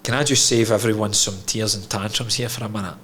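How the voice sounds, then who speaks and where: A man's voice: on the low side, steady tone, fast, fairly bright tone, slight background noise. A man, a podcast guest telling his own story candidly, frank and emotional, swearing freely.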